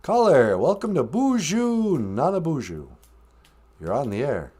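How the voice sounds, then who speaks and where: Man, podcast host, casual joking chat, laughs at his own jokes, unhurried, very lively pitch. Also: breathy edge. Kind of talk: comedic live-stream chat.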